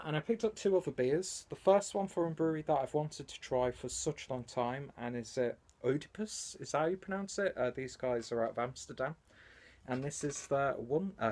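A man's voice: mid-range voice, a little mellow. Rambling, swearing young man. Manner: swears freely, rambling and self-mocking. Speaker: beer vlogger. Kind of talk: casual vlog chat. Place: home, indoors and in a basement.

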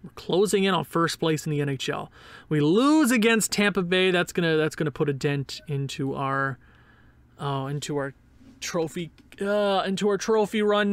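A man's voice: on the high side, a bit bright, no echo. A man giving casual commentary over a sports game, sarcastic and exasperated, with bursts of pained laughter. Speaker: gaming YouTuber.

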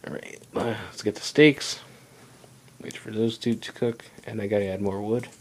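A man's voice: fairly low pitch, fairly even intonation, moderate pace. A young man giving rambling, casual commentary while playing a video game. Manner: rambling, chatty, self-talk while playing. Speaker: gaming channel host. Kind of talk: casual let's play commentary.

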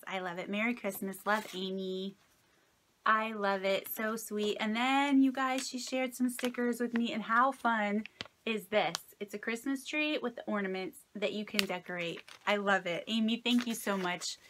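A soft-spoken woman in her late thirties, mid-range in pitch, shares a casual mail-opening vlog about crafts. Delighted and gushing, she thanks each friend who sent her a gift, over slight background noise.

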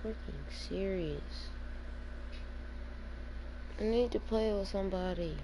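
A woman's voice: medium pitch, takes it slowly, noisy background. A woman streaming an online basketball game, talking through live gameplay and scolding her teammates in exasperation.

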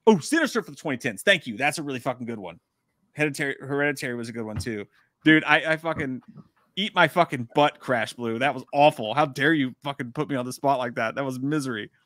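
A man's voice: medium pitch, expressive, quick pace, fairly bright tone, no room sound, studio quality. A man co-hosting a casual livestream, swearing freely and rattling off answers in a frantic, self-deprecating way. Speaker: podcast co-host.

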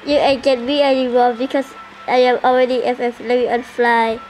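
A woman giving casual gameplay commentary, excitable and full of surprised questions. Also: on the high side, a little fast, soft background music, low-quality recording. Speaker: gaming channel host.

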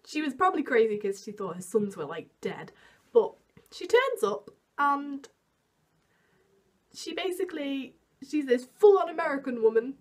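High-voiced chatty young woman. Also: darkish tone. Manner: chatty, self-mocking, full of "like" fillers; acts out quotes with big jumps in pitch. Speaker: vlogger. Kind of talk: storytime chat to camera.

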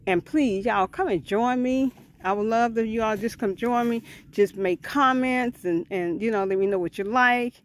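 This woman's voice is a little high and moves at normal speed, with a little hiss or hum in the recording. Out of breath outside on her rural property, she chats casually with her viewers as a vlogger. She talks in a folksy way, often repeats words and often refers to her audience as family.

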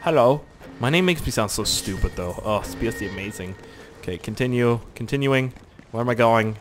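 A man's voice: medium pitch, lively intonation, moderate pace, soft background music. A young man doing rambling, joking let's play commentary, swearing often as he plays. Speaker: gaming YouTuber.

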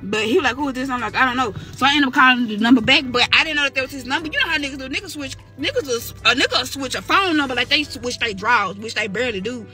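A woman's voice: sits high, fast, few pauses, over music. A young woman from Mississippi telling a personal story in a candid, slangy, casual storytime, acting out the dialogue. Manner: candid, slangy, animated retelling with quoted dialogue.

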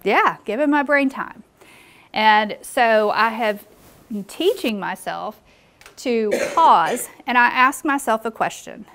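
A woman's voice: on the high side, expressive, takes it slowly, a bit bright. A woman presenting a live workshop in a meeting room, engaging the audience with questions.

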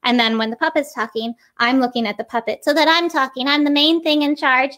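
A woman, a puppeteer and teacher, explaining her craft in a casual interview and demonstrating with quick voices. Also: sits high, steady tone, fairly bright tone.

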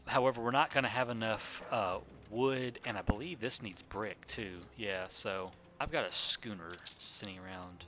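Music plays under this live-stream commentary, where a man with a low-leaning voice plays a city-building game at a moderate pace, barely pausing. He rambles casually, thinking out loud, using fillers, correcting himself, and talking with viewers.

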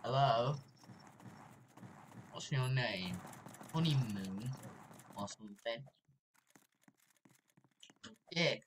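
A woman's voice: very deep voice, animated, drawn-out words, pauses often, slight background noise. A young woman commentating her own gameplay, chatty and given to sudden screams. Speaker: gaming YouTuber.

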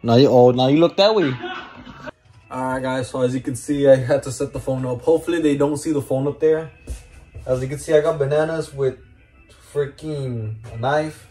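A man's voice: mid-range voice, normal speed, mellow, husky, soft background music, poor audio. A young man casually vlogging at home on a phone, hyped and playful, chatting to his dog. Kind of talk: casual vlog. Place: at home, indoors.

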